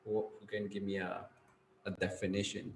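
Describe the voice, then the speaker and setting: Spanish-speaking guy teaching english, lowish voice, loose n rambly, echoey room. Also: normal speed, a little hiss or hum. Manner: relaxed, rambling, lots of fillers and "okay?". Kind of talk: teaching a live English class. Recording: roomy echo.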